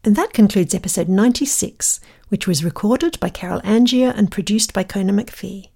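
This is a woman announcer reading a scripted podcast outro in a measured, formal tone. Her voice is mellow and husky with a gravelly edge. Faint music plays underneath her. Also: medium pitch, expressive.

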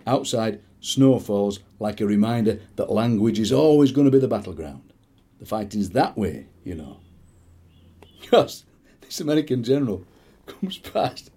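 Husky Yorkshire poet in his sixties. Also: lowish voice, animated, measured pace, mellow. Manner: anecdotal, rambling, chuckling asides. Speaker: poet and radio presenter. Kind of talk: poetry reading and chat.

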